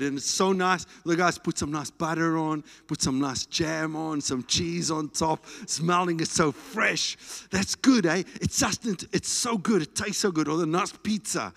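A man with a South African accent preaching a sermon in a church, animated and playful. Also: fairly high pitch, gravelly. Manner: animated, playful preaching with food talk and shouts. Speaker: pastor. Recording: reverberant church hall.

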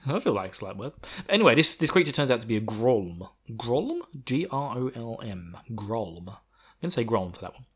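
Rambling man, husky. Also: medium pitch, sing-song, moderate pace, long pauses. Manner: rambling, swearing, self-mocking. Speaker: podcast host. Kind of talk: casual book recap.

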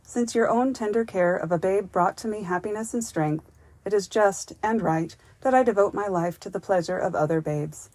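A woman's voice: mid-range voice, moderate pace, a little mellow, dry recording, lightly acted. A woman voicing an earnest, grateful young man who leaves the forest, speaking solemnly and formally.

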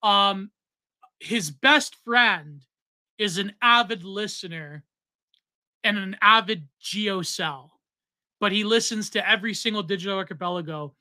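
A man in his thirties co-hosting a casual podcast, reading out donations with loud, excitable exclamations. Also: sits high, unhurried, no echo. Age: 30s. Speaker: podcast co-host.

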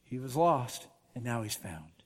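A man preaching as a guest speaker, animated and emphatic, with casual asides. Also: medium pitch, unhurried, big-room sound. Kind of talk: sermon. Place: church auditorium.

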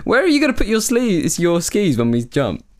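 A man's voice: sits high, huge pitch swings, moderate pace. A man co-hosting a podcast in casual chat, playful and jokey, laughing often. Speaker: podcast co-host.

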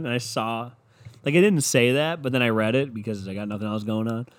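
A man's voice: medium pitch, brisk. A man ranting in a sarcastic comedy style, swearing freely and mocking people. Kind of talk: profane comedic rant.

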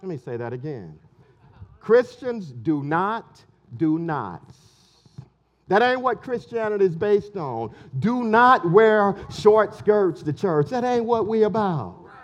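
A man's voice: high-pitched, sing-song, unhurried, hardly any pauses, highs cut off. A man preaching a sermon as pastor, emphatic and colloquial, repeating key phrases.

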